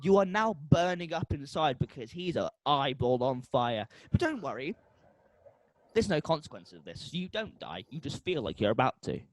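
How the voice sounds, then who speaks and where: A man co-hosting a podcast, pitching a made-up product in comic style and making beeping sound effects. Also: very animated, normal speed, no echo. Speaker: podcast co-host.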